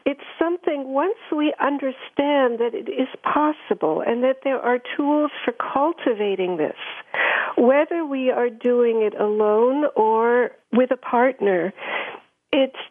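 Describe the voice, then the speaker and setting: High-pitched lady telling a story, doing the voices, sounds like it's over the phone. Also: a little slow. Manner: animated storyteller acting out quoted voices. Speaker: guest speaker. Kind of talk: storytelling in a radio interview. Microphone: telephone. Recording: phone line.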